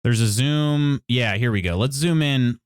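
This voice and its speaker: A man's voice: medium pitch, unhurried, clear, resonant tone, no room sound. A man streaming a game live, reading tutorial text aloud and adding playful, wry asides to chat.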